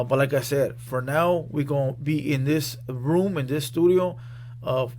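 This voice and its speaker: A man's voice: medium pitch, a little mellow, slight background noise. A man hosting a reaction channel from a studio room, giving casual commentary in a blunt, profane, conversational way.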